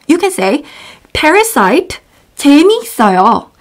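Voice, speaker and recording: A woman with a Korean accent, teaching a casual online language lesson, bubbly and repeating words slowly for learners. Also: sits high, sing-song.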